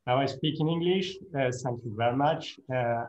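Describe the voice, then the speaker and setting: A man's voice: medium pitch, moderate pace, darkish tone, roomy sound, lo-fi sound. A man with a French accent giving a conference talk over a video call, hesitant and full of fillers, with a self-deprecating laugh. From France. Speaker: guest speaker, lawyer and professor. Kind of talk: conference presentation.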